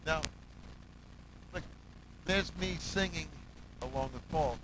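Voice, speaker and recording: A man's voice: slow pace, noisy background. A man, a musical director, telling stories in a casual interview, acting out quotes and humming and counting out music. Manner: animated, acts out quotes, hums bass lines and counts beats.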